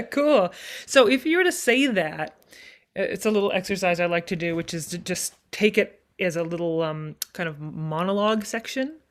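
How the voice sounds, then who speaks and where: A woman's voice: fairly low pitch, expressive, normal speed. A woman voice teacher leads a masterclass, coaching a student with an encouraging, hands-on manner. She breaks off into dramatic readings of the lyrics to make her point, then returns to plain, friendly explanation. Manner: encouraging, demonstrative, speaks lines of text with dramatic reading.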